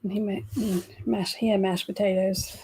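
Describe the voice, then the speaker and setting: A woman's voice: mid-range voice, little pitch movement, moderate pace, a little mellow, breathy edge. A woman co-hosting a casual livestream chat, laughing often between remarks. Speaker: livestream co-host.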